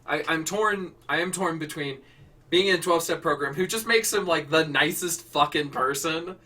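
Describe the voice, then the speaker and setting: A man's voice: a little high, moderate pace, sharp tone, far from the mic. A man hosting a casual prompt show, rambling and correcting himself as he talks, with frequent swearing. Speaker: host. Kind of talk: casual improv prompt chat.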